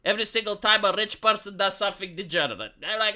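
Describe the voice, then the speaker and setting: A man riffing on a livestream with a very bright, sharp tone. He rambles and mocks with dry sarcasm, piling up asides and rhetorical questions. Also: sits high, sing-song, fast talker. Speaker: livestream host. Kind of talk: livestream commentary.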